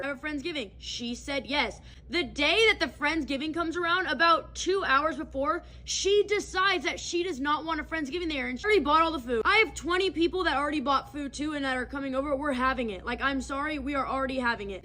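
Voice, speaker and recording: A woman in her twenties telling a storytime vlog in an animated, emphatic way. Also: sits high.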